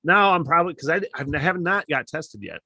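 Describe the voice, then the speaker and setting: A middle-aged man from Michigan hosting a casual solo podcast, rambling and swearing, getting worked up and loud at times. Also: fairly high pitch, expressive, brisk, no echo, clean studio sound. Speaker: podcast host.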